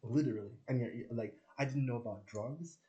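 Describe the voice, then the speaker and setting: A young man rambles through his stories in a casual vlog, his voice sitting at an ordinary middle pitch. He leans on filler words and swears freely, and he slips into voices when he quotes other people. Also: a little fast, warm tone, dull audio. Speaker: vlogger. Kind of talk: casual storytelling monologue.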